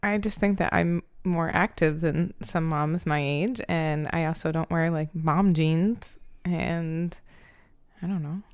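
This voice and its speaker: A woman's voice: sits low, steady tone, takes it slowly, smooth, dry recording, studio quality. A woman in her forties co-hosting a casual podcast chat, chiming in with brief teasing remarks. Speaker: podcast co-host.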